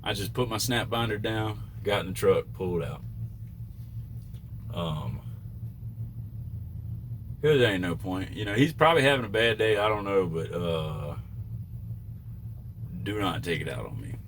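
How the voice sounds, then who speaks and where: A man's voice: lowish voice, lively intonation, unhurried, pauses often, a bit bright, slight background noise. A man who drives trucks, telling a story in a casual vlog, rambling with fillers and self-corrections.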